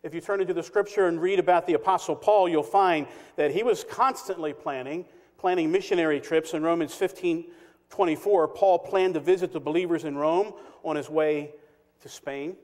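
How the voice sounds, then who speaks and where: A man with a high-pitched voice preaches from the pulpit, stressing key words and pausing for effect. His voice rings out with a long echo through the church sanctuary. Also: darkish tone. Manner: emphatic, measured preaching with dramatic pauses. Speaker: pastor. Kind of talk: sermon. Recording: long reverb of a church hall.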